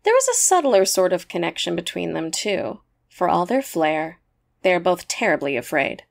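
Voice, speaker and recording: A woman narrating a short story in a measured, even storytelling manner. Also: fairly low pitch, creaky.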